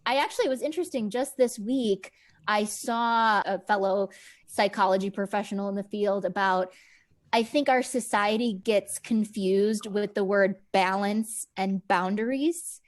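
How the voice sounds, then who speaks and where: A woman's voice: medium pitch, measured pace. A woman psychologist, a guest on a podcast, talking in an earnest, enthusiastic way and often repeating words as she starts a thought. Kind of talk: conversational interview.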